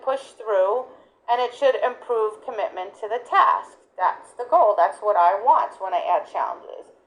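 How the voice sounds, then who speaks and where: A middle-aged woman dog trainer teaching a class in a casual, conversational way, often checking in with "right?" and "guess what?", her voice leaping up when she mimics praise. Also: rough recording. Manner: lively, jumps high for praise. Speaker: dog sports trainer and instructor.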